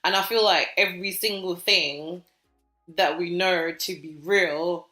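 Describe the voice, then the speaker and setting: A woman with a British accent co-hosting a podcast, telling stories in a chatty, animated way with lots of fillers. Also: fairly low pitch, a little slow, echoey room, faint music behind. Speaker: podcast co-host. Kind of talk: casual podcast chat.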